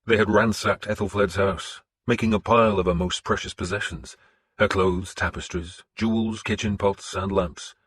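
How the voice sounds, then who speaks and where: A man narrating an audiobook in the first person with a steady, measured delivery. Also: lowish voice, slightly rough, no echo.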